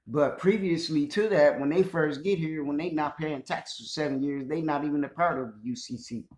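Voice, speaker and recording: A man's voice: fairly high pitch, normal speed, darkish tone. A man hosting a casual spoken monologue to his listeners, emphatic and conversational, often checking in with "you know what I'm saying". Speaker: host addressing listeners. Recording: echoey room.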